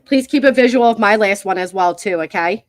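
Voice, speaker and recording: A woman's voice: mid-range voice, brisk, no echo, clean studio sound. A woman hosting a livestream commentary, mocking and exasperated, talking to her viewers and chat at a computer. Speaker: commentary channel host. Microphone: computer mic.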